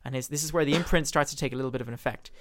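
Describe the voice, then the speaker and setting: A man animatedly retelling the scenes of a play in a casual discussion. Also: mid-range voice. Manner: animated storyteller, quick and expressive.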